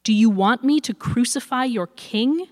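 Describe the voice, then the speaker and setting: A woman voicing a stern male Roman governor who presses with sharp, insistent questions, read aloud in a reverberant room. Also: a little high, unhurried, pitched above the performer's own voice, lightly acted. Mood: pressing. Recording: long hall reverb.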